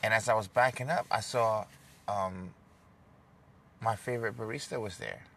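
A man's voice: lowish voice, normal speed, vocal fry, a bit bright, slight background noise. A young man telling a rambling, self-deprecating story to the camera, stumbling and repeating words as he goes. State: emotional, voice dropping. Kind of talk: casual storytelling vlog.

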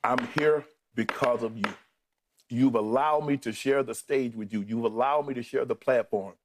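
A man's voice: mid-range voice, normal speed. Emotional middle-aged man fighting back tears. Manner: heartfelt, thanking colleagues one by one. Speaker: co-host saying farewell. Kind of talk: emotional on-air farewell speech.

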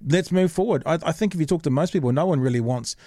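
A man's voice: fairly high pitch, fast talker, warm tone, no room sound, studio quality. A man hosting a casual podcast, making his case earnestly and thinking aloud. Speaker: podcast host.

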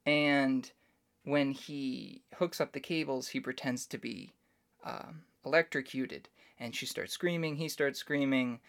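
A man's voice: mid-range voice, creaky, fairly bright tone. A man talks alone on a podcast in an easygoing, conversational way. He lays out his opinions at length and stays chatty and informal. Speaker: podcast host. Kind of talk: casual solo commentary.

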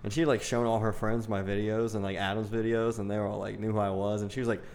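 A man's voice: on the low side, flat delivery, quick pace, darkish tone, a little hiss or hum. A young man casually telling a crude story, peppered with "dude" and "like". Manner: crude, laid-back storytelling with lots of "dude" and "like". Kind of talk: casual chat.

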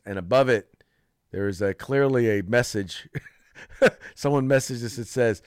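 A man's voice: medium pitch, moderate pace, darkish tone, clear, resonant tone, no room sound. Man, podcast co-host, casual political chat, frequent laughter, dry sound. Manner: laughs often, repeats himself.

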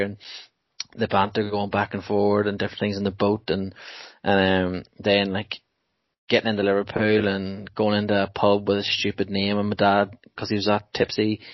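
A young man with a lowish voice tells stories with animated energy and frequent laughter. The recording is dry and a little muffled, like a basic podcast mic. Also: dry recording. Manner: animated storyteller, laughs often. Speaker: podcast co-host. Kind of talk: casual chat.

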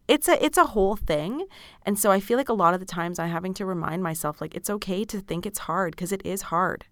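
A woman's voice: lowish voice, a bit bright, no echo. A tired woman in her thirties hosting a podcast and answering listener questions in a padded studio, chatty and frank, swearing freely and laughing often. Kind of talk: candid casual chat. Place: small padded studio room.

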